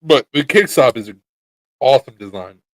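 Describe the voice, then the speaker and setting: A man's voice: mid-range voice, animated, normal speed, no echo. A man co-hosting a casual chat show, telling laid-back stories and swearing casually. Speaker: podcast co-host, knife maker.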